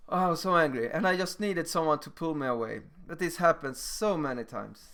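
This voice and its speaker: A young man with a slightly higher voice lecturing through his own school stories. He tells them in an animated, emphatic way, punching key words and acting out scenes. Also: a little fast, hardly any pauses. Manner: animated, emphatic, acts out moments. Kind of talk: personal storytelling lecture.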